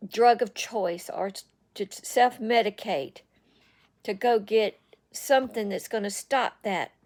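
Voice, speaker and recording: A woman giving an earnest talk about breaking addiction, speaking directly to the listener and repeating phrases for emphasis. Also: mid-range voice. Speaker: online speaker on addiction recovery.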